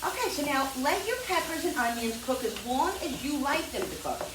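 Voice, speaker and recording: Lady rambling while she cooks, kinda far from the mic, roomy kitchen, pan sizzling loud behind her. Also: high voice, lively intonation, brisk. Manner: rambling, self-interrupting, chatty asides. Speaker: home cooking channel host. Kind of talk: chatty cooking tutorial. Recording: echoey kitchen, distant mic, frying noise.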